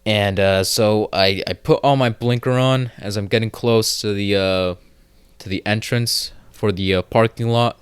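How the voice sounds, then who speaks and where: A man hosting his own podcast, talking in a slow, unhurried drawl with a lowish, smooth and clear voice. He rambles through a casual monologue, swears freely and fills his sentences with "uh" and restarts. The sound is close and dry, like a small room with no echo. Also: fairly even intonation. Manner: rambling, profane storytelling with many fillers. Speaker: podcast host.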